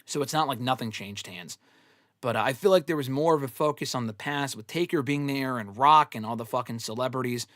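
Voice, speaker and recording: A man's voice: mid-range voice, fairly quick, fairly bright tone, no room sound, studio quality. A man hosting a live wrestling Q&A show, giving blunt, opinionated takes in a casual, swear-heavy way. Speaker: wrestling podcast host answering fan questions.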